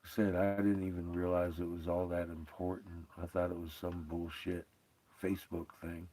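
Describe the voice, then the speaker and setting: A man's voice: sits low, flat delivery, normal speed, dark tone. A man hosting a livestream, rambling and profane in casual chat, often breaking into laughter. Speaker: livestream host.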